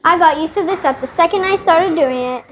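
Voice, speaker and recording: A woman's voice: extremely high pitch, fairly quick, fairly bright tone, slight background noise. A woman co-hosting a casual review, cheerful and replying in short agreements. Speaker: co-host.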